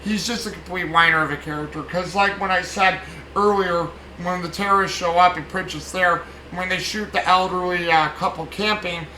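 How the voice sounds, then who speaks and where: A man's voice: sits high, fairly even intonation, normal speed, pushed and bright, reverberant, a little hiss or hum, rough recording. A man recapping a film casually at home, rambling with lots of fillers and restarts. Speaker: podcast host reviewing a film.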